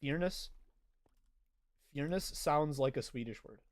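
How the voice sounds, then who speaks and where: A man's voice: on the high side, takes it slowly, no room sound, clean studio sound. Chatty young man streaming a game. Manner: chatty, reads and answers viewer chat. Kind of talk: casual gaming livestream chat.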